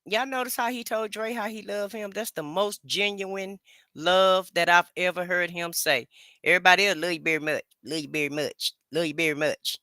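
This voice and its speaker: Guy doing a commentary show, bright voice, dry close mic, teasing. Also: sits high, steady tone, normal speed, clear, resonant tone, no room sound. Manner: mocking, playful. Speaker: commentary host. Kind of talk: casual commentary.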